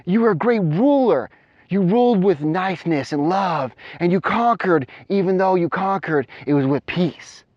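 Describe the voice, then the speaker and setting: A man voicing a calm woman fortune teller in a soft, knowing way, in a dry, dull recording. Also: sits high, moderate pace, dry recording, pitched above the performer's own voice. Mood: assured.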